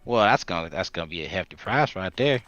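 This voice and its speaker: A man's voice: low voice, expressive, quick pace, fairly bright tone, dry recording, faint music behind. Folksy drawling rabbit-man, stammers, chatty, played by a man, dull sound. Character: folksy rabbit-eared man, talkative charmer.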